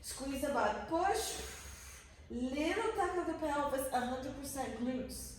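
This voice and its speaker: A woman coaches a pilates class, counting reps in an energetic voice. She speaks high and slowly. The echoey studio carries her voice from some distance off the mic. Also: a little hiss or hum. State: out of breath. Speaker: pilates instructor. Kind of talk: guiding a workout class. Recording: roomy echo from a distance.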